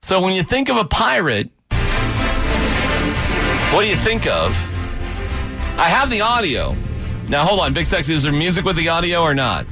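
A man's voice: fairly high pitch, over music. A man hosting a sports radio show, bantering casually and joking about the day's news. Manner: joking, animated, quick asides.

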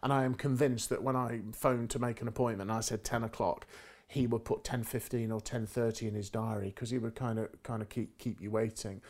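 A man's voice: medium pitch, fairly even intonation, a little fast, a little mellow. A middle-aged man in casual conversation who tells stories from his sales career and acts out the quoted lines with rising and falling inflection. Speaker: guest speaker on negotiation.

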